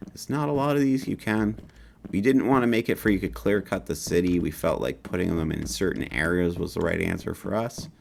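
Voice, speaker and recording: A low, gravelly man with a slight northern Canadian accent walks through his own video game in a relaxed, upbeat way. His pitch swings widely as he points things out, and faint keyboard clicks sit behind him. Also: slight background noise. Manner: casual, upbeat, folksy asides like "baby". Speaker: game developer showing his game. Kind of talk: gameplay walkthrough commentary.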